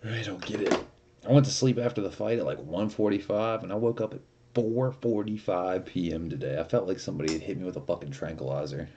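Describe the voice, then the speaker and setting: A man's voice: deep voice, fast talker, warm tone, a little hiss or hum. A young man streaming, chatting casually and rambling with lots of swearing and laughter. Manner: rambling, profane, laughs often. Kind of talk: casual live-stream chat.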